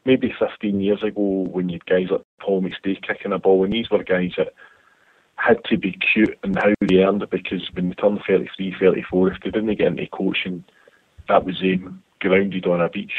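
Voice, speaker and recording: A man's voice: low voice, moderate pace, husky, no room sound. A Scottish man calling in to a radio show, rambling passionately about football. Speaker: caller. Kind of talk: casual phone chat. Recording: tinny dry phone line.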